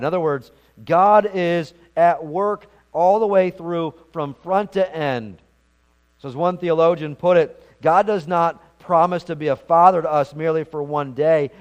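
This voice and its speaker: Guy preaching a sermon, kinda high voice, earnest, stumbles and repeats words a lot. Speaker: pastor.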